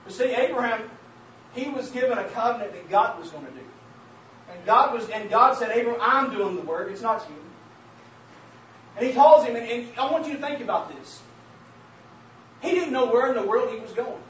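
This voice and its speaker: A man preaching a sermon and sharing his testimony, calling out to the congregation as saints of God and building to emphatic shouts. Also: very high-pitched, expressive, fairly quick. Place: church hall. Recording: very echoey, distant, dull church recording with faint hiss.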